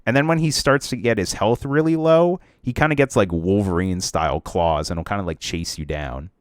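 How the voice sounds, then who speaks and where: A man's voice: lowish voice, fairly quick, dry recording, clean studio sound. A young man co-hosting a casual podcast about video games, rambling with lots of fillers and restarts. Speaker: podcast co-host.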